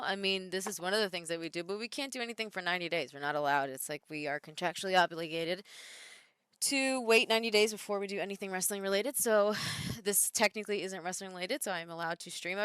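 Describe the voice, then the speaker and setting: Chatty woman streamer, bright clear voice. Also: mid-range voice, fast talker, dry recording, clean studio sound. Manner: chatty, reads viewer comments aloud and answers them. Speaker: streamer and wrestler. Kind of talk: casual live-stream chat.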